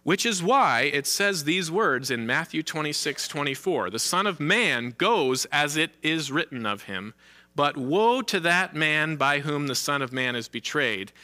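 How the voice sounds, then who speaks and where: A male pastor preaching a sermon, earnest, slowing down to stress key phrases and lifting his voice when quoting cries. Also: on the high side, animated, pushed and bright. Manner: earnest preaching, slows for emphasis, rising for quoted cries.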